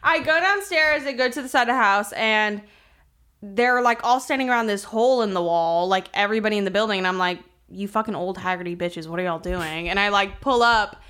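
Young woman, podcast co-host, casual chat, swears a lot, animated storytelling, slightly high voice. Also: a little fast. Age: young adult.

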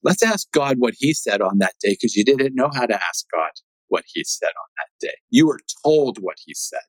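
A man's voice: medium pitch, very animated, normal speed, no echo, poor audio. Man in his sixties, emphatic and dry. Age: 60s. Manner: direct, emphatic, questioning. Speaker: speaker on conflict resolution. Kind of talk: animated talk to an audience.

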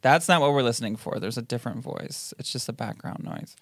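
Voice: mid-range voice, a little fast, no room sound. A podcast host in casual chat, playfully quizzing a co-host and laughing between lines.

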